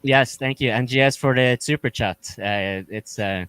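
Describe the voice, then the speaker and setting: A man's voice: medium pitch, moderate pace, fairly bright tone, clear, resonant tone, dry recording. A man from Norway, a regular on an online panel, talking in a rambling, self-correcting casual way. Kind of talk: casual group chat.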